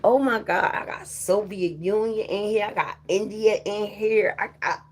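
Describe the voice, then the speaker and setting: Slow-talking woman livestreaming. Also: mid-range voice, steady tone. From New Jersey. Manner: chatty, playful, greeting viewers by name. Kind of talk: casual live-stream chat.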